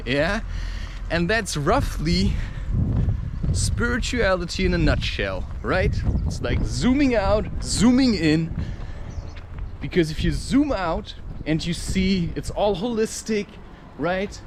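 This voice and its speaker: A man's voice: high voice, very animated, slow pace, noisy background. A man rambling through a spiritual monologue outdoors, laughing at his own points and acting out quoted voices. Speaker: spiritual talker. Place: outdoors, walking or climbing.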